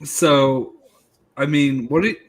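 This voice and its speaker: A man's voice: medium pitch, fairly even intonation, takes it slowly. A man co-hosting a casual podcast chat, joking and crude, often trailing off mid-sentence. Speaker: podcast co-host.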